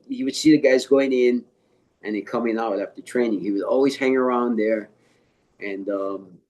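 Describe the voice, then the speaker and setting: An older man, a martial arts instructor being interviewed, retelling a story in a halting way with lots of fillers and quoted dialogue. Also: mid-range voice, darkish tone.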